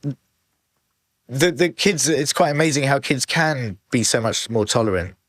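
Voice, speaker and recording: A man hosts a podcast conversation in an ordinary mid-pitched voice, recorded dry and close. He speaks in a measured way, thinks aloud, and hedges his points as he works toward them. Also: expressive, a bit bright, dry recording. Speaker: podcast host. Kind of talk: casual chat.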